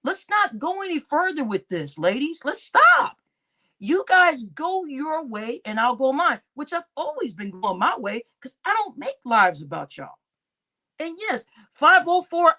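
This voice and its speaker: A woman's voice: sits high, bright, forceful tone. A woman hosting a livestream, ranting angrily and with lots of profanity, repeating herself. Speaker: livestream host. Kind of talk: heated livestream rant.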